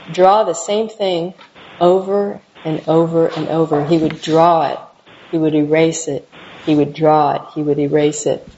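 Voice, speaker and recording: A middle-aged woman in an interview, recalling her past in a halting, reflective way with many restarts. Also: low-pitched, mellow. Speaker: interviewee, mother. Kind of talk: personal recollection interview. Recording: dull lo-fi recording, faint hiss.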